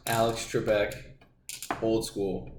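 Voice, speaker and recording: A young man co-hosting a casual podcast, joking and insisting in quick banter. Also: lowish voice, flat delivery. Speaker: podcast co-host. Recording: echoey room, distant mic, noise.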